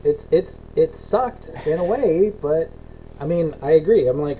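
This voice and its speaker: Podcast co-host, middle-aged man, ranting and profane, very dark mellow tone, faint background hiss. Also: fairly high pitch, animated, moderate pace, rough recording. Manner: ranting, swears a lot, acts out both sides of calls. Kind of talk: casual profane chat. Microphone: video call.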